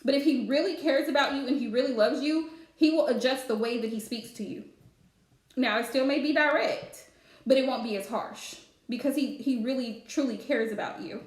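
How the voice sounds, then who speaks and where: A woman's voice: sits high, moderate pace, reverberant. A woman giving a live-streamed spiritual reading, chatty and advice-giving with lots of fillers. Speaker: psychic card reader.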